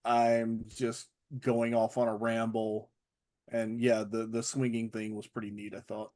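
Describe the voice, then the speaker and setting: A man's voice: on the low side, monotone, a little slow, darkish tone. A man co-hosting a podcast in casual chat, rambling and joking with frequent restarts. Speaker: podcast co-host.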